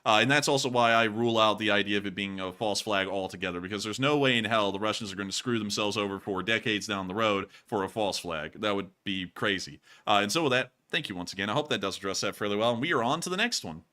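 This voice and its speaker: A man with a bright, forceful voice hosts a casual livestream news commentary. He talks emphatically and with animation, and he breaks into laughter often. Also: on the low side, fast talker, hardly any pauses. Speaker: host.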